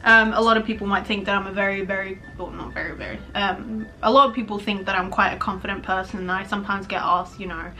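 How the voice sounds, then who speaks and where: A woman's voice: medium pitch, steady tone, quick pace, hardly any pauses, sharp tone, faint music behind. A young adult woman vlogging candidly about her life, rambling and swearing casually. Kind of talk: candid personal vlog talk.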